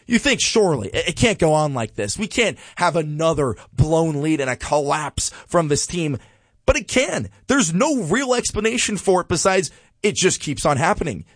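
A man co-hosting a sports podcast, giving exasperated, animated commentary and repeating a refrain. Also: fairly high pitch, normal speed, no echo.

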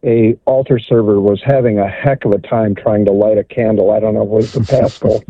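A man's voice: lowish voice, steady tone, brisk, warm tone, dry recording. Male caller on a tinny phone line. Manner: earnest, conversational. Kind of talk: call-in comment.

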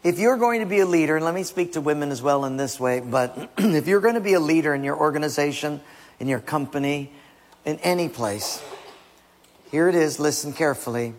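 Male preacher, husky gravelly voice, punchy then hushed, big hall echo. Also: a little high, lively intonation, fairly quick. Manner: emphatic, dropping to near-whispers. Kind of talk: sermon. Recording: long hall reverb.

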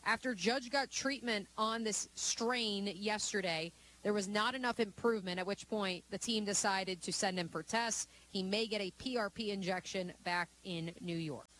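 A woman co-hosting sports talk radio, reeling off stats and analysis in a fluent, steady delivery. A faint hiss sits under her voice. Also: medium pitch, moderate pace. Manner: fluent, stat-heavy, analytical.

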